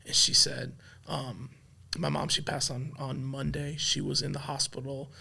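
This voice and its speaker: A man's voice: medium pitch, level tone, unhurried, vocal fry, bright, forceful tone, breathy edge. A man in his thirties, a podcast guest, telling a personal story in a candid, heartfelt way, with lots of "like" and "right". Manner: heartfelt, many fillers like "like" and "right".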